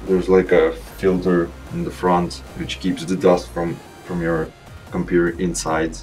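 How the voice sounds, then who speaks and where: A young man whose first language is Russian, giving a relaxed, rambling voice-over review of his gaming PC over gameplay, with casual restarts. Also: deep voice, unhurried, faint music behind. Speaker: PC gaming channel host.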